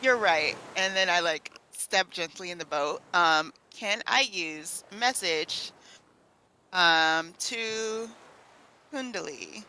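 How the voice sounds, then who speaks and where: A woman's voice: lowish voice, takes it slowly, bright, forceful tone, slight background noise, rough recording. A woman playing a tabletop game, chatting and laughing as she describes what her character does. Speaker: player. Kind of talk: casual tabletop role-play.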